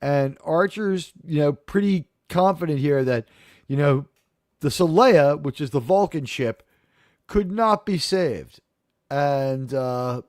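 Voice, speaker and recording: Guy hosting a live stream chat, kinda high voice, dry close mic, talks fast and animated. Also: dry recording. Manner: chatty and animated, acts out characters' lines. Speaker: live show host. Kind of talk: casual live-stream discussion.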